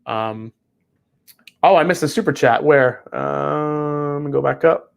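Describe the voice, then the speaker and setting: Male livestream whiskey host, a bit high voice, rambling and profane. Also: measured pace, vocal fry. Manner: rambling, swears freely, reads chat aloud. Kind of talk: casual livestream chat.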